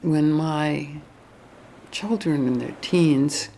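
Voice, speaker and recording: A woman speaks reflectively in an interview, quiet and somewhat hesitant. Her voice has a creaky, gravelly grain, with faint noise in the background. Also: low voice, extremely slow. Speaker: poet interviewee.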